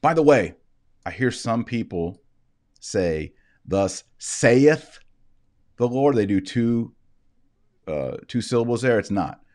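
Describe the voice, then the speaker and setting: A man's voice: on the low side, expressive, unhurried, pauses often, a little mellow. A man giving an online Bible lecture from his desk, explaining verses in a conversational way and answering his own rhetorical questions. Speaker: Bible teacher. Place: indoors, seated at a desk with a shared screen.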